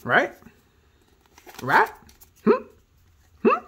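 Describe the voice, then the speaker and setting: Lively, husky-voiced guy opening card packs. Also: a little high, measured pace, pauses often. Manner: excitable, reads card names aloud, hypes himself up. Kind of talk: casual pack-opening chat.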